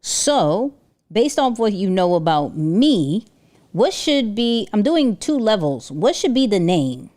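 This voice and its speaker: A young adult woman hosting a casual livestream, animated and exclaiming, often restarting her sentences. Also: medium pitch, takes it slowly. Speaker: livestream host.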